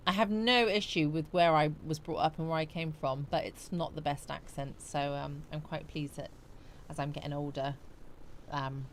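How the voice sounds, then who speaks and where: Sleepy, chatty woman with a low voice. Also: slight background noise. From West Country, England. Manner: chatty, greets viewers by name and answers their comments. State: sleepy, yawning. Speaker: livestream host. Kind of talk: casual live chat with viewers. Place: small warm home studio.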